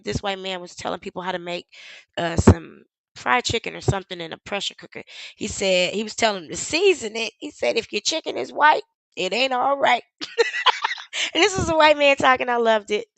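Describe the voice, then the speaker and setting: A woman's voice: high voice, a bit bright, no room sound, poor audio. A woman hosting a live stream, commenting over a video with sarcastic, incredulous questions.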